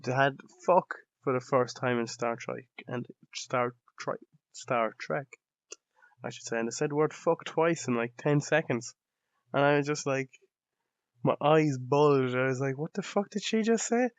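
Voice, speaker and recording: A man's voice: medium pitch, steady tone, a little slow, dry recording. A young Irish man hosting a podcast, speaking in a casual, sardonic and rambling comedic monologue full of swearing. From Ireland. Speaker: podcast host. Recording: dull lo-fi dry recording.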